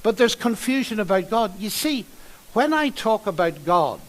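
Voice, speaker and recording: An older man giving a lively, conversational public lecture in a large university hall, telling stories and asking the audience rhetorical questions. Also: high voice, moderate pace.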